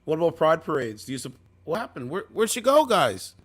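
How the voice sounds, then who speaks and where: A man with a slightly high voice hosts a confrontational livestream. He talks in a mocking, needling way and keeps repeating his questions to the people he calls in. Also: very animated, fairly quick, fairly bright tone, husky. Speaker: livestream host.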